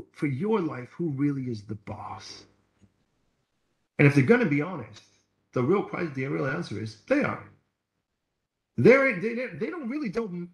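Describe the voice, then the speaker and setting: A man's voice: a little high, reverberant. A man preaching a sermon as pastor, telling stories and acting out the voices of the people in them. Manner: storytelling preacher, acts out quoted voices. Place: church hall.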